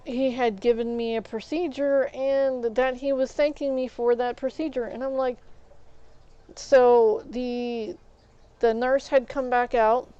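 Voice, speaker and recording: A woman's voice: a little high, smooth, dull audio. A woman telling rambling stories on a stream, acting out what others said. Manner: rambling, animated, acts out quoted people. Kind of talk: casual storytelling while gaming.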